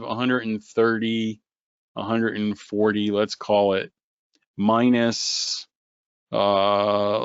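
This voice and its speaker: A man hosting a live trading webinar, joking and animated as he talks to viewers by name. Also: medium pitch, smooth, dry recording. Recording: dull lo-fi webinar audio.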